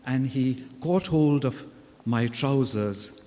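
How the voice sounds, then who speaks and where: A man speaking slowly and warmly, telling stories in an earnest, unhurried way. His voice carries a long reverb, as if he were addressing students in a big school hall. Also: medium pitch, animated. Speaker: religious brother giving a talk to students. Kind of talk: storytelling address.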